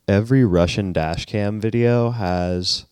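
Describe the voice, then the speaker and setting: A man with a low, deep voice trades jokes in casual podcast chat. His delivery is dry and deadpan. The sound is close and dry, with no room echo. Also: unhurried, clean tone. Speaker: podcast co-host.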